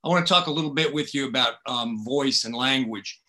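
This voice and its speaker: A man's voice: mid-range voice, fairly quick, sharp tone. A man from South Carolina, a writer interviewing a fellow author in a casual, folksy and wry way. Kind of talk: casual conversation.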